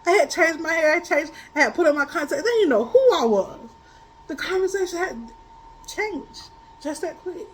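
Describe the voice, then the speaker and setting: Woman, high voice, tarot reader, casual storyteller, quick to laugh, blunt and colloquial. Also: poor audio. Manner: animated, laughs often while telling stories. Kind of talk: casual spiritual chat.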